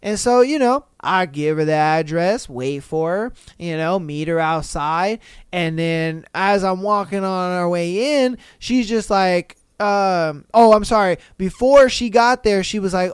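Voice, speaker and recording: A young man hosts a podcast in a slangy, profane, animated style. His voice is smooth and clear, and it sounds dry and close to the mic. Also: high voice, normal speed, no room sound. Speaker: podcast host. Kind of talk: casual solo podcast commentary.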